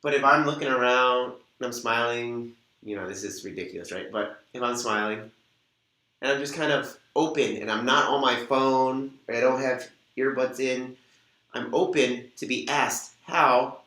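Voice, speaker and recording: A man's voice: medium pitch, unhurried, sharp tone. A man hosting an instructional video, coaching viewers in an upbeat way and acting out sample conversations. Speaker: host and weight-loss coach. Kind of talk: instructional talk to camera. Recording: echoey room.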